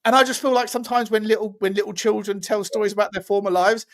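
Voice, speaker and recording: A man's voice: high-pitched, fairly even intonation, quick pace. A man co-hosting a casual podcast chat, skeptical and telling stories with a laugh. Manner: skeptical, storytelling, laughs often. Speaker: podcast co-host.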